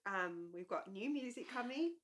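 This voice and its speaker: A woman co-hosting a podcast in casual chat, her voice hoarse and nasal from a cold, chatty and quick to laugh. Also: mid-range voice, animated, crowd noise. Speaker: podcast co-host.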